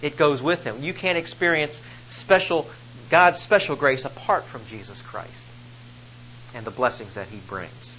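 A man's voice: mid-range voice, a little slow, bright, forceful tone, slight background noise, low-quality recording. A man preaching a sermon, reading scripture and explaining it with rising emphasis on key phrases. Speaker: pastor.

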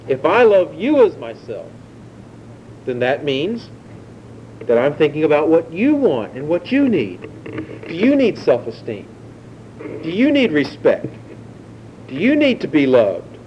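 A man delivering a sermon in a conversational teaching manner, often asking his listeners questions. His voice sits a bit higher than most men's but sounds mellow and dark. A faint low rumble runs under the recording. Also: poor audio. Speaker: preacher.

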